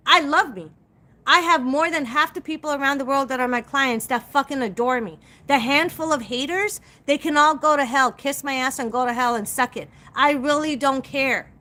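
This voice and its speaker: A middle-aged psychic livestream host with a high-pitched, sharp voice speaks directly to her viewers. Her rant is blunt, profane, and emphatic.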